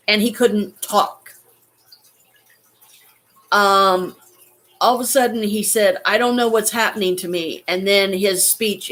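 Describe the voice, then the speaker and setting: Woman vlogger, halting and near tears, swearing as she talks. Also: mid-range voice, fairly bright tone. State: holding back tears. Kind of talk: emotional personal story.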